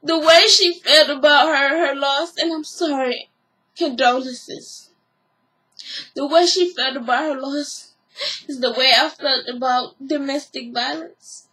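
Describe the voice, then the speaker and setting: A woman's voice: high voice, measured pace, bright, forceful tone. A woman doing a sobbing, wailing woman. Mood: tearful. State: crying. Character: sobbing woman defending herself.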